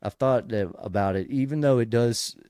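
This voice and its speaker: A man's voice: medium pitch, normal speed, dark tone, clear, resonant tone, dry recording, studio quality. A man hosting a casual Bible study show, explaining verses in a conversational way, with frequent restarts and sudden emphatic bursts.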